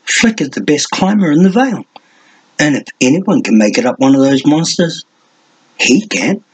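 A man's voice: on the high side, expressive, moderate pace, slightly rough, low-quality recording. A man doing an eager young valeman. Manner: eager, explanatory. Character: earnest young male valeman, his brother's champion.

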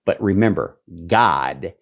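Man, very low voice, fiery sermon, mutters then loud cries. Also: expressive, slow pace. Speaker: pastor. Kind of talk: sermon with viewer questions.

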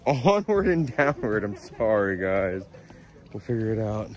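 With a crowd in the background, a man vlogging at a mountain lookout talks in a lowish, sing-song voice at a measured pace. His casual narration is nervous and full of anxious exclamations, recorded through a handheld camera outdoors with background noise.

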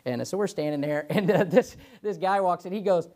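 Young pastor, chatty and folksy. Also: male voice, high-pitched, fairly quick, a little mellow. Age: 20s. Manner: chatty, tells personal stories, peppers lines with "amen" and "you know". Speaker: pastor teaching Sunday school. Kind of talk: informal Sunday school preaching.

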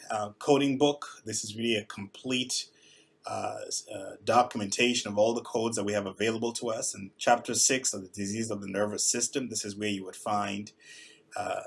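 A man, a surgeon, gives a measured instructional presentation with frequent filler sounds. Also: on the low side, vocal fry, a bit bright, husky. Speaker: neurosurgeon teaching coding.

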